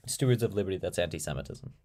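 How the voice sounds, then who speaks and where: A man's voice: low voice, lively intonation, very fast, a little mellow. A young man with an American accent, hosting a casual live stream and answering viewer comments with dry sarcasm. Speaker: live-stream debate host.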